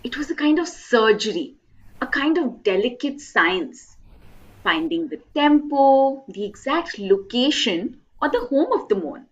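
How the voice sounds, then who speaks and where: A woman's voice: high voice, big pitch swings, muffled recording. A woman playing a proud, knowing lover of women. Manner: deliberate, knowing narration. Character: proud, patient woman who masters pleasuring women. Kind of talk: stage monologue performance.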